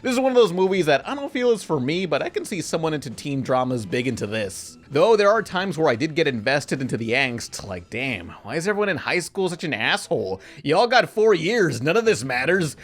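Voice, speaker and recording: A man's voice: a little high, very animated, a little fast, few pauses. A man narrating a comedic film review in a sarcastic, wisecracking manner.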